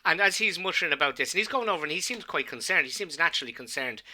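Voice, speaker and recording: A man with an Irish accent narrating as game master of a tabletop game, halting and full of restarts. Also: on the high side, animated, pushed and bright.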